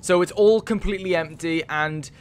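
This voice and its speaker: A man's voice: sits high, normal speed, slight background noise. A man giving casual gameplay commentary, thinking aloud with many fillers and swearing when moved. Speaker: let's play gamer.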